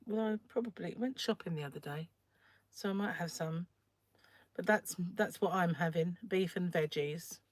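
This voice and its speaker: A croaky woman hosting a casual crochet livestream from home, chatting and rambling while she works and often clearing her throat. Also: fairly low pitch, normal speed, no room sound. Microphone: phone.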